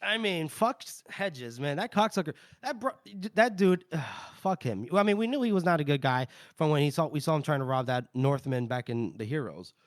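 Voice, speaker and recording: A man's voice: a little high, lively intonation, moderate pace, few pauses, dry recording, studio quality. A man co-hosting a casual book-discussion podcast, retelling chapters with put-on character voices and plenty of swearing. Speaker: podcast co-host.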